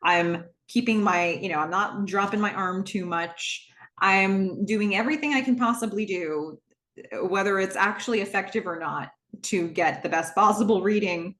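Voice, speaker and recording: A woman hosting a podcast, retelling a TV episode scene by scene in a lively, laughing way. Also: medium pitch, moderate pace. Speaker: podcast host. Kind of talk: casual episode recap. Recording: roomy echo.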